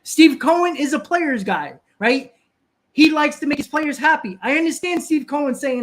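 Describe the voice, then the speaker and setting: A man's voice: very high-pitched, expressive, normal speed, a bit bright. A man hosting a live stream, ranting casually, often repeating and restarting words and answering viewers in the chat.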